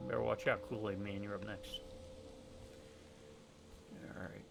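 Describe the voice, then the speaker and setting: A man giving casual, rambling gameplay commentary, jokey with sudden loud outbursts. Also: fairly low pitch, normal speed, gravelly, pauses often, music in the background. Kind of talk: casual let's-play commentary.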